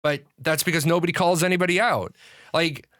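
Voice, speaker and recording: Middle-aged male streamer, bright forceful tone, a bit high, swears freely while telling stories. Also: brisk. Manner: profane, animated storytelling with restarts. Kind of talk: casual storytelling on a livestream.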